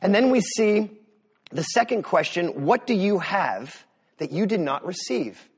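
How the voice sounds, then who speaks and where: A man's voice: high-pitched, expressive, a little slow, breathy edge. A man from the US Northeast preaching a sermon as pastor, talking in a conversational way with sarcastic asides.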